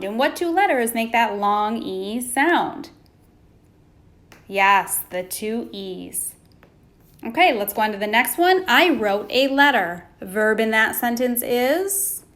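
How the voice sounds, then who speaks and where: A woman teaching a phonics lesson to young children, pausing for answers and praising them. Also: on the high side, fairly bright tone. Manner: slow, patient, prompting pauses for answers.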